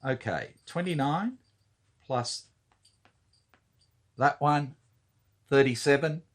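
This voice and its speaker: A man's voice: mid-range voice, slow pace. A man talking through his turn in a board wargame, thinking aloud and counting units with many fillers. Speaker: wargame player. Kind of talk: casual talk-through of a board game turn.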